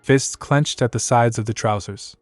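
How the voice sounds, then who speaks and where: A man giving a scripted narration of a comic story in an even storytelling read. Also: medium pitch, moderate pace. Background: faint music.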